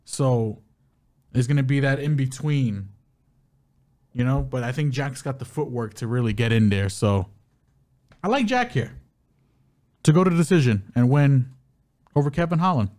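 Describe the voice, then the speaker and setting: A male co-host with a mid-range voice talks at normal speed but with long pauses. The betting podcast chat is casual and loose, and he's animated and slangy.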